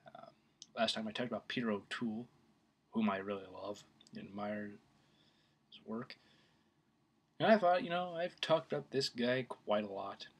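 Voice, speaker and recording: A man's voice: fairly low pitch, normal speed, pauses often, slightly rough. A man talking casually to camera about his favorite actor, rambling with many fillers and restarts. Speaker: film vlogger. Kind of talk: casual opinion talk.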